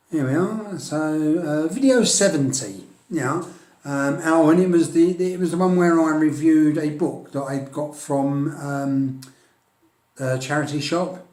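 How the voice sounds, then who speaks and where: Man, middle-aged, rambling hobby vlog, slightly high voice, roomy echo. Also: darkish tone. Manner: chatty, self-deprecating, laughs often, frequent restarts. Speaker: wargaming hobby vlogger. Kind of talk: casual rambling chat to camera. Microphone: filming on a tablet.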